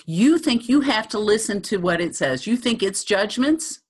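A woman giving a thoughtful teaching talk, halting often with ums. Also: mid-range voice, animated, breathy edge.

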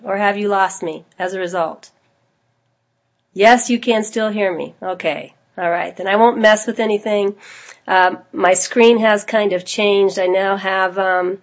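A woman with a cold and a low, husky voice, hosting an online spiritual gathering in a casual, chatty way with many fillers. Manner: chatty, informal, with frequent fillers and small laughs. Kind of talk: casual address to an online group.

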